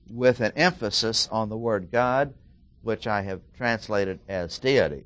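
Slow, deliberate male Bible teacher. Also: fairly low pitch, fairly bright tone, dry recording. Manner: deliberate, repeats key phrases with emphasis. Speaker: preacher.

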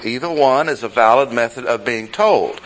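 A man teaching a Bible study class, speaking deliberately and repeating key phrases for emphasis. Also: mid-range voice, expressive, rough recording.

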